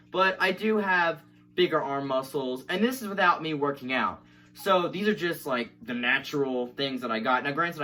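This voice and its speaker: A man's voice: medium pitch, pushed and bright. A young man talking casually to camera in a chatty, self-deprecating way, laughing often, and then reading poems aloud. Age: young adult. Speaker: vlogger. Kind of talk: casual vlog chat and poem reading.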